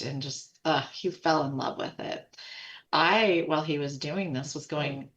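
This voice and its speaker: Low-voiced woman telling a lively story. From United States. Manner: animated, quotes others in quick asides, laughs often. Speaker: podcast guest, food company co-founder. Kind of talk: casual storytelling.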